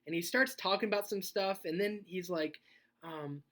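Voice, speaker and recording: A man speaking as a youth pastor in a sermon video. He talks in a conversational, animated way and tells a personal story, laughing as he goes. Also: sits high, brisk. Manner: conversational, animated, laughs while telling stories.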